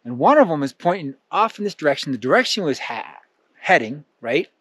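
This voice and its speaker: A man with a fairly high, husky voice leads a motivational lesson through a story. His delivery swings up and down lively, and he checks in often as he explains. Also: brisk. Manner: animated, checks in with "right?". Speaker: channel host.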